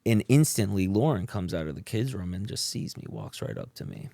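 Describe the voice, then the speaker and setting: A man speaks in a low, relaxed voice as a podcast guest and tells his own story. His talk is slangy and loose, with plenty of fillers and restarts. The sound is dry and close, with no room around it. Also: a little fast, vocal fry, no room sound. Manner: laid-back and slangy, with many fillers and restarts. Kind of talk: casual storytelling about his recovery.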